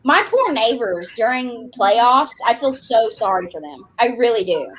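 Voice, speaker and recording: A woman's voice: fairly high pitch, a little slow. A woman with a Southern US accent, a romance author chatting animatedly on a podcast. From American South. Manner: animated, chatty, laughs often. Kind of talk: casual chat.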